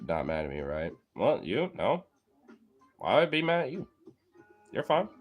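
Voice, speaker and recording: A man's voice: medium pitch, huge pitch swings, moderate pace, soft background music. A man giving a heated, profane, rambling political rant in casual chat, talking straight to his viewers as a streamer.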